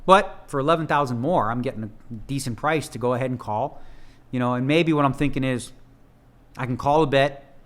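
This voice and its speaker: In a mid-range, slightly bright voice at a slightly fast pace, a man who plays poker for a living gives a casual spoken analysis of his own hand. His manner is loose, joking and full of slang.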